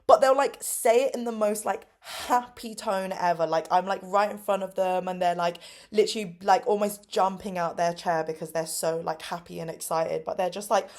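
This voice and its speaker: Chatty young woman vlogger, lower voice. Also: fairly even intonation, normal speed, hardly any pauses, a little mellow. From England. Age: 20s. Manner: upbeat, lots of fillers, acts out kids' voices with big pitch jumps. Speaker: English teacher vlogger. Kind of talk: casual chatty storytelling. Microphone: phone camera.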